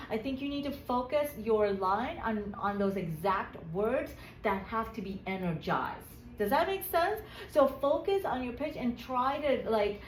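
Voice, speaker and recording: Female speaking coach, upbeat, higher voice, keeps asking "right?", echoey room with faint noise. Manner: energetic, keeps checking in with "right?". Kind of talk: live workshop teaching. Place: workshop room.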